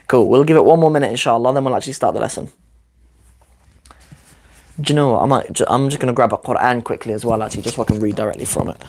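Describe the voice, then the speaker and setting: Man, croaky voice from a cold, chatty and upbeat, live-streamed lesson, desk mic. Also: mid-range voice, a little mellow, a little hiss or hum. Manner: chatty, upbeat, quick asides. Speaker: Arabic teacher. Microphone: desk microphone.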